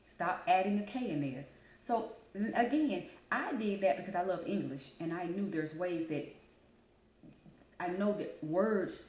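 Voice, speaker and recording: Woman vlogging to camera, lower voice, chatty and lively storyteller, echoey room. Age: adult. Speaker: channel host. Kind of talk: casual talk to camera. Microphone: camera mic. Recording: roomy echo.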